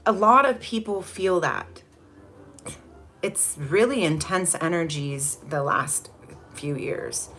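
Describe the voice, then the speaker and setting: A woman's voice: fairly low pitch, takes it slowly, a bit bright, slight background noise. A woman hosting a casual spiritual livestream, chatty and rambling as she greets viewers from the chat. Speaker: livestream host.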